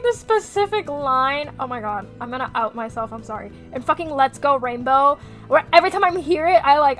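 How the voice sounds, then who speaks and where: A woman streaming as she draws, chatting casually with her viewers, animated and quick to swear. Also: high voice. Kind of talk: casual chat while drawing on stream.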